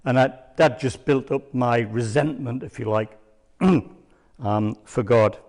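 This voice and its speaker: An older man giving a church testimony as a rambling, hesitant storyteller with many pauses and ums. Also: mid-range voice, a little mellow. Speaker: church speaker. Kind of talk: sermon testimony.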